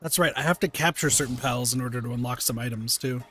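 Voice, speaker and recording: Male game streamer, mid-pitched, loose and animated, laughs and curses casually while chatting. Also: quick pace. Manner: animated, swears casually, laughs mid-sentence, many "like" fillers. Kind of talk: casual live-stream chat with viewers.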